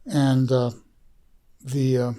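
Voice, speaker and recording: A man's voice: medium pitch, little pitch movement, drawn-out words, warm tone. A man who is a guest on a podcast, telling a story in a rambling, heartfelt way, full of fillers and restarts. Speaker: podcast guest, documentary filmmaker. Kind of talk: casual storytelling.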